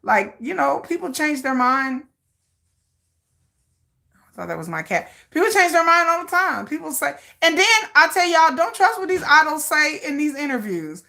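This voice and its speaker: A woman hosting a casual livestream, her fairly high voice swooping widely as she rants playfully to her viewers. Her tone is bright and forceful, and she laughs often between dramatic asides. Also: normal speed, gravelly. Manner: animated, laughing, reacting to viewer comments. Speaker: livestream host.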